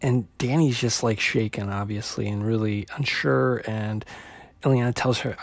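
A man's voice: medium pitch, fairly even intonation, a little slow, creaky, no room sound. Man recapping a comic on a podcast. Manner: conversational, with many fillers and restarts. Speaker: podcast host.

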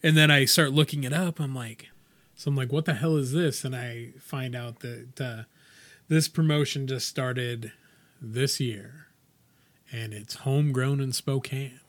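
A man's voice: medium pitch, unhurried, no echo. A middle-aged man co-hosting a podcast, telling stories in casual chat with plenty of swearing. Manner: profane, excitable storyteller. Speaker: podcast co-host.

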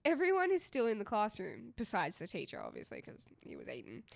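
A woman's voice: medium pitch, wildly swooping pitch, brisk, gravelly. A young woman co-hosting a podcast, chatting casually and reading out a listener's dream with frequent giggles. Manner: giggly, bouncing between storytelling and laughter. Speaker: podcast co-host.

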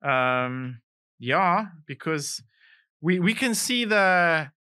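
South African male co-host; playful, bright and slightly high, close dry mic. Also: lively intonation, very slow, smooth, dry recording. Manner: playful, chipping in with short agreements. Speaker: podcast co-host. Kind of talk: casual comedic chat.

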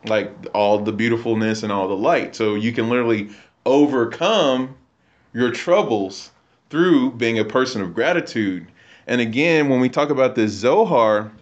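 Muffled man teaching in a relaxed chat. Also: mid-range voice. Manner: animated storytelling, acts out quotes. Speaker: teacher in a faith discussion. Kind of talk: casual faith discussion.

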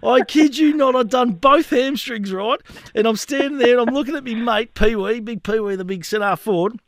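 High-voiced man telling yarns. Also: normal speed, no echo. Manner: animated yarn-spinning, laughing at his own stories. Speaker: podcast host. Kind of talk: casual storytelling chat.

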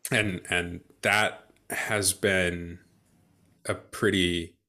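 A young man guest in a casual interview, his voice lowish but bright and forward in tone. He talks hesitantly and good-naturedly, often pausing to find his words. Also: little pitch movement. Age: young adult. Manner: hesitant, full of ums and restarts, good-humored. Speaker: guest, new father.

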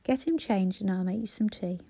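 A woman voicing a grumpy one-eyed old man who talks gruffly and bluntly. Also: medium pitch, fairly quick, warm tone, no echo. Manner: gruff, curt.

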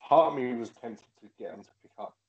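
A man's voice: medium pitch, brisk, muffled recording. A tipsy man co-hosting a podcast, chatting casually and teasing his co-hosts. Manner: joking, teasing. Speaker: podcast co-host. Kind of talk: casual sports chat.

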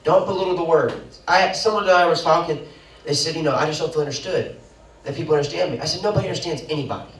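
A young man, the pastor, preaching an animated sermon with sudden loud bursts and quick asides, recorded in a church. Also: a little high, a little hiss or hum. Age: young adult. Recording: roomy echo, mic at a distance.

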